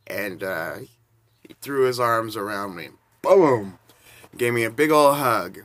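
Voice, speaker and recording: A man's voice: lowish voice, expressive, takes it slowly, fairly bright tone. A man in his forties telling rambling, casual anecdotes and chuckling between bits. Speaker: storyteller.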